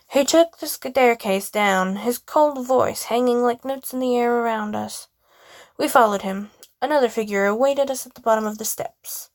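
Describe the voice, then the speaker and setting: A woman reading a first-person game story aloud, expressive, with casual asides. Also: mid-range voice, normal speed, no echo.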